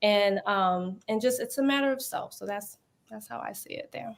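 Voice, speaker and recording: Woman therapist, middle pitch, earnest explainer. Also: moderate pace, vocal fry. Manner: earnest, explanatory, thinking aloud. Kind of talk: panel discussion.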